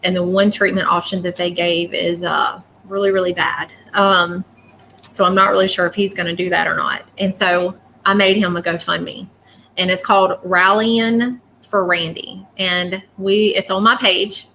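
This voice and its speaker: A woman's voice: fairly low pitch, steady tone, normal speed, gravelly, bright, forceful tone, slight background noise. A woman talking casually and emotionally on a live stream, apologetic and rambling as a psychic reader.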